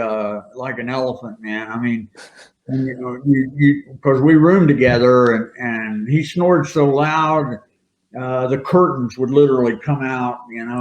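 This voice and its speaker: Older man telling rambling wrestling stories. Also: mid-range voice. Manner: rambling, laughing anecdotes. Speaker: retired wrestler guest. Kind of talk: casual storytelling interview. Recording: roomy, dull lo-fi sound.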